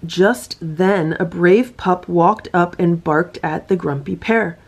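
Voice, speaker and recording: Gentle woman reading a storybook aloud. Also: fairly low pitch, slow pace. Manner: gentle, sing-song, pointing things out with excitement. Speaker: storyteller reading a picture book to her cats. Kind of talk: storybook read-aloud with asides.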